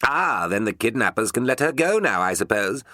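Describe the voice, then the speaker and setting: A man's voice: lowish voice, big pitch swings, moderate pace, bright, forceful tone, no echo, studio quality. Brief: flamboyant self-admiring actor, voiced by a man, florid and theatrical. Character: vain theatrical male actor narrator, flamboyant.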